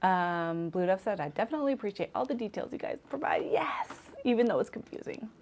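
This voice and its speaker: A woman's voice: mid-range voice, expressive, quick pace, darkish tone, a little hiss or hum. A woman co-hosting a casual live stream, chatting and reading out viewer comments.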